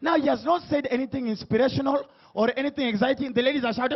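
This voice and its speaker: A man hosting a comedy talk show, teasing guests and shouting hype lines to the live crowd. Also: extremely high pitch, fast talker, few pauses, highs cut off. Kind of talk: comic stage hosting before a live audience.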